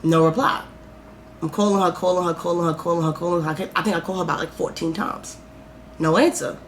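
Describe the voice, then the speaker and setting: A woman's voice: fairly low pitch, fairly even intonation, fast, slight background noise. A woman vlogger telling a story in a candid, profane, rambling way, full of fillers. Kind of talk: casual storytime.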